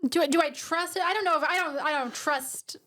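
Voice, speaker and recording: Female podcast co-host, high pitch, dry deadpan banter. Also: a little fast. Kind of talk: casual comedic chat.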